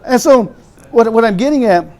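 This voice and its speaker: A man in his fifties, a pastor preaching to young people in an animated, joking, conversational way. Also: very high voice, a little fast.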